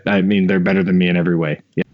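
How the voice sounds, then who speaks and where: A man's voice: sits low, flat delivery, very fast. A man co-hosting a podcast in casual, rambling, joking chat. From Canada. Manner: rambling, joking, drops into mock voices. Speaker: podcast co-host. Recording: muffled online call audio.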